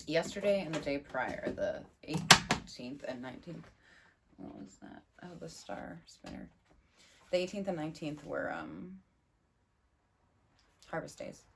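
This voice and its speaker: Woman, tarot reader, excitable, thinking aloud, gravelly, animated pitch. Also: a little hiss or hum. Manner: chatty, excitable, thinking aloud over cards. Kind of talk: casual tarot reading.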